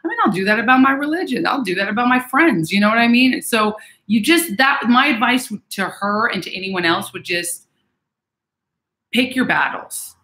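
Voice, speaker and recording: A woman vlogger giving casual advice to viewers in a chatty, animated way, acting out what other people say. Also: a little high, moderate pace. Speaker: vlogger reading and answering viewer messages. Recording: echoey room.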